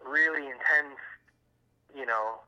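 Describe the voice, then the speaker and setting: A man's voice: mid-range voice, slow pace, pushed and bright. A man on a phone call with his brother, telling a long story in a rambling, profane, casual way full of fillers. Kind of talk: casual chat.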